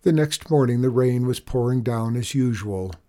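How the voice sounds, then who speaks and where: A man reading a children's storybook aloud in an expressive, measured way. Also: mid-range voice.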